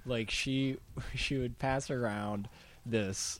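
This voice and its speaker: A man's voice: mid-range voice, steady tone, slow pace, slight background noise. A man from Ohio chatting casually as a podcast co-host, telling rambling stories and laughing through them. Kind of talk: casual chat.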